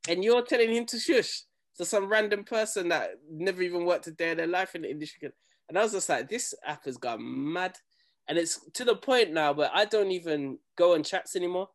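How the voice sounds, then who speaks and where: Young man, slangy animated storyteller, somewhat high voice. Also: brisk. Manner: animated storytelling, slangy, acts out quoted people. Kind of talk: casual chat.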